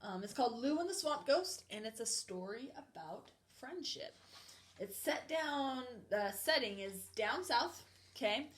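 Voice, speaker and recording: Woman reading a kids' book aloud, put-on Southern US accent, a bit higher voice. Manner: chatty, friendly, with fillers. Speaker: storybook reader.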